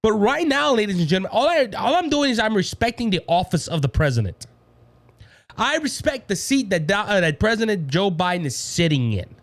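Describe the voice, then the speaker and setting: A man with a Cajun accent hosting a political commentary show, fired up and preachy, addressing listeners as ladies and gentlemen. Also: high-pitched, big pitch swings, fairly quick, dry recording. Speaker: talk show host.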